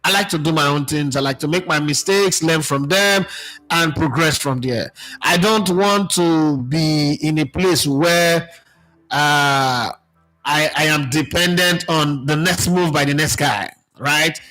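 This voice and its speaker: A Nigerian sports radio presenter speaking in a casual, animated monologue, mixing in pidgin phrases as he reflects. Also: on the high side, a little slow, rough recording.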